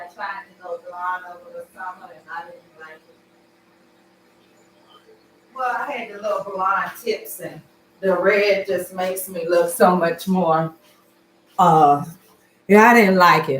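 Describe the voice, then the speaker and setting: A woman chatting on a casual livestream, animated and teasing, jumping between loud outbursts and low murmurs. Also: unhurried, long pauses, a little hiss or hum. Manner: flirtatious, teasing. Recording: echoey room, far from the mic.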